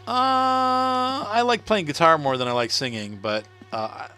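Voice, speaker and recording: A man's voice: high-pitched, a little slow, bright, forceful tone, smooth, faint music behind. A middle-aged man chatting casually on a game livestream, laughing often and answering viewer comments. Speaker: gaming livestreamer. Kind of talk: casual live-stream chat while playing.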